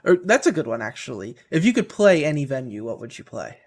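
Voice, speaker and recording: A man co-hosting a casual podcast chat, speaking hesitantly and softly. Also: medium pitch, big pitch swings, fast talker. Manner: hesitant, soft-spoken.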